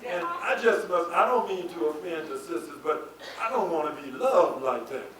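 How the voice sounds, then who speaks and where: High-voiced man preaching in an echoey hall. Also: lively intonation, normal speed. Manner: builds to shouted emphasis, asks the audience rhetorical questions. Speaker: spiritual leader giving a lecture. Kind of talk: preaching lecture. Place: lecture hall before an audience. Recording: echoey hall, voice from far off, faint hiss.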